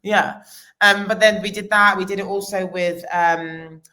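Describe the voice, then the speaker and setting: A woman's voice: mid-range voice, fairly even intonation, a little slow, bright, forceful tone. A woman, a costume designer talking casually in an interview, with many restarts. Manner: chatty, many restarts and fillers.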